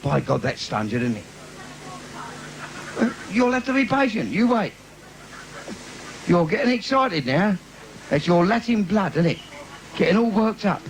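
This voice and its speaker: Cheeky comic, lively high voice. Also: male voice, measured pace, long pauses. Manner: bawdy, cheeky patter with sudden high squeaks. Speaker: stand-up comedian. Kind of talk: live cabaret stand-up. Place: theatre stage with audience. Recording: noisy 1980s live video.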